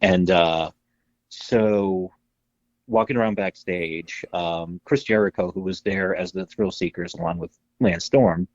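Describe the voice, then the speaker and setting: Male podcast co-host, low pitch, husky, animated storyteller, casual and profane. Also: dry recording, muffled recording. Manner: animated storyteller, acts out quotes, swears freely.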